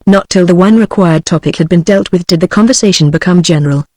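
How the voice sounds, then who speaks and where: A synthetic female voice with a British English accent reads a novel aloud at an even, measured pace, like an audiobook narrator. Her voice sits lowish, and the recording has no echo.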